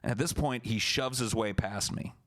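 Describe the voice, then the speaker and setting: A man's voice: medium pitch, moderate pace, fairly bright tone. A young man streaming, telling a story casually and talking back to his chat in a profane, blunt, laid-back way.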